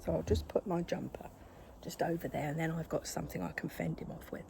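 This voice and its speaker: A woman's voice: deep voice, fairly even intonation, fast, vocal fry, mellow, whispered. An older woman, chatting casually to camera at her craft table at home, scolding her cat in exasperation. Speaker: craft vlogger.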